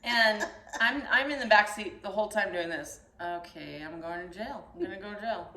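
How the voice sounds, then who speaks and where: A young woman telling a story in casual chat, animated and acting out the voices in it. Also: mid-range voice, moderate pace. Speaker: storyteller host. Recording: echoey room.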